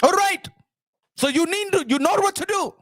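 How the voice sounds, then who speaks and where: A man's voice: extremely high pitch, moderate pace, no echo, clean studio sound. A man doing a comic impression of a scheming, bossy middle-aged boxing promoter who barks demands and repeats himself. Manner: demanding, repeats questions, bursts into shouts.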